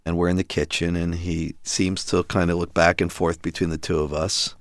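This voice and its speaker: A man recounting a story about his son, animated and acting out the voices of the people in it. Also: deep voice, normal speed, no echo. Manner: animated, acts out the voices of others. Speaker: father telling a family story. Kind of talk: storytelling in an audio documentary.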